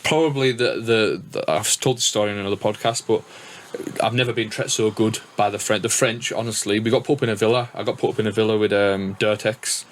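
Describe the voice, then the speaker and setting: A man's voice: fairly low pitch, fairly even intonation, fairly quick, slight background noise. A man with a northern English accent hosting a podcast, telling rambling stories with lots of swearing and restarts. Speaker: podcast host and DJ. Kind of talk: casual podcast chat.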